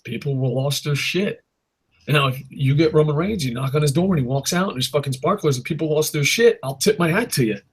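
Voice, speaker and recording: A man's voice: a little high, brisk, breathy edge. A man hosting a casual podcast, ranting in a rambling, profane way and laughing at his own jokes. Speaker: podcast host. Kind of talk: casual wrestling podcast rant.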